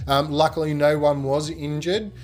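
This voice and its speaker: A man, a podcast guest telling stories in a loose, rambling way full of fillers, getting animated when he quotes people. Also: a little high, moderate pace, soft background music. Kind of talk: casual storytelling.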